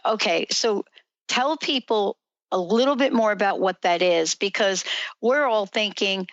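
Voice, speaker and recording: A woman's voice: medium pitch, measured pace, dry recording. A woman co-hosting a talk radio show, encouraging the guest with prompting questions. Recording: dry, lo-fi radio sound.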